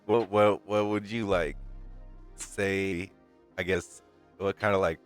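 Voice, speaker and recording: Laid-back man with a very deep voice. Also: flat delivery, takes it slowly, clean tone, faint music behind. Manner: laid-back, laughs along, loose filler-heavy questions. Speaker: podcast host. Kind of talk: casual chat.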